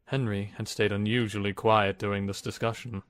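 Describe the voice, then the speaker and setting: A man's voice: lowish voice, level tone, normal speed, no echo, clean studio sound. A man narrating a scripted storybook with a dramatic reading style.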